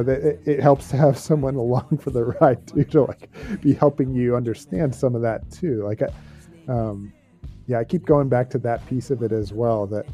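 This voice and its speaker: A man's voice: medium pitch, dark tone. A man on a podcast panel talking reflectively about an album, laughing easily and restarting his sentences. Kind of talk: casual album discussion.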